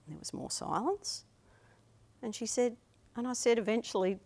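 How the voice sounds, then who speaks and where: A woman's voice: on the high side, moderate pace, a little mellow. A woman in her fifties telling a personal story at a live storytelling night, chatty and self-amused, with trailing restarts. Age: 50s.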